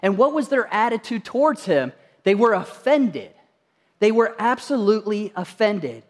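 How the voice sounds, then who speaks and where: A man's voice: sits high, sing-song, moderate pace, long reverb tail. A male pastor preaching a sermon to his congregation in a church, telling stories earnestly and asking rhetorical questions. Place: church sanctuary.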